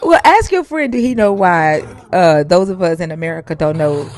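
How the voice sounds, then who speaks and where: A woman's voice: on the low side, expressive, normal speed, a little mellow, slight background noise. A woman with a Southern US accent hosts a livestream, bluntly and profanely pressing a caller with questions. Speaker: livestream host. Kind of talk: casual debate with callers.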